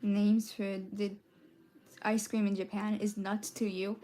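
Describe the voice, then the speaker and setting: A woman's voice: medium pitch, sing-song, takes it slowly, warm tone, slight background noise. A young woman chatting casually and playfully on a live stream while she colors, giggling often. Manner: playful and giggly, jumps between topics.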